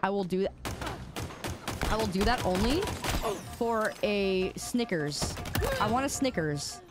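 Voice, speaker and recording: A woman's voice: medium pitch, expressive, measured pace, background noise. A woman streaming a game and chatting casually with her viewers, playful and teasing, repeating words in sing-song bursts. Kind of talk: casual chat with viewers while gaming.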